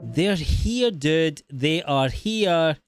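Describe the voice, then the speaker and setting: A man hosting a reaction video, talking in an animated, incredulous way and swearing freely. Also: a little high, drawn-out words, faint music behind. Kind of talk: casual reaction commentary.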